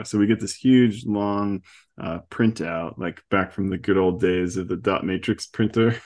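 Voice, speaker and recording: Man, lowish voice, chatty, laughs a lot, casual comic recap, podcast host. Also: moderate pace, gravelly, a little mellow. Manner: chatty, laughs often, acts out quotes.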